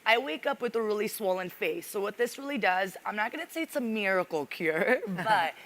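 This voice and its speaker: A woman's voice: medium pitch, animated, fairly quick, a bit bright. A woman makeup artist on a live beauty panel who explains her routine earnestly and often addresses the audience as "you guys.". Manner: earnest, instructive, keeps saying "you guys". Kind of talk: casual panel talk. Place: live panel on a stage at a fashion event.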